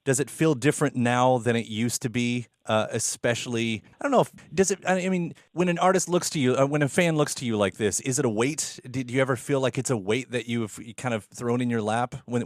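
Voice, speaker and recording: A man's voice: mid-range voice, steady tone, a little fast, few pauses, no echo, clean studio sound. A man hosting an interview, asking long, hesitant questions as he searches for words. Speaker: interview host.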